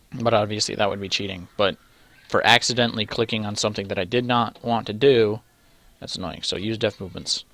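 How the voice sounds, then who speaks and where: A man's voice: lowish voice, a bit bright, dry recording. A man reading a text adventure game aloud, stumbling over names and breaking off for joking asides. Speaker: let's player.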